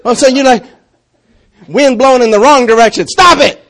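A man with a high voice preaches to his congregation. He talks with lots of energy and laughs often, moving between loud calls and hushed, low stretches. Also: moderate pace. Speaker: pastor. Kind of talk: lively sermon.

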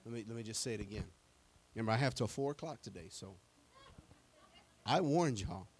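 A middle-aged man preaching a sermon as pastor, talking plainly and conversationally, with stammered restarts and bursts of animated, acted-out quotes. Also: lowish voice, a little fast, slightly rough.

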